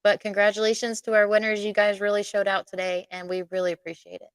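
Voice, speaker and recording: Lively self-deprecating woman co-host. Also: medium pitch, fast talker, dry recording. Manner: animated, self-deprecating, laughs often. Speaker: podcast co-host. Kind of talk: casual live podcast chat.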